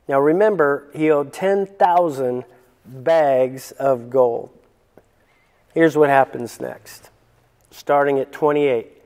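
A man's voice: fairly high pitch, lively intonation, takes it slowly, darkish tone. A male pastor preaching a sermon, reading scripture and joking in conversational asides. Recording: long reverb in a hall.

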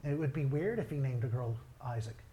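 A middle-aged male pastor preaching a sermon, telling family stories in a lively way. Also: medium pitch, quick pace, a little hiss or hum. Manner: storytelling, animated, quoting others in his own voice.

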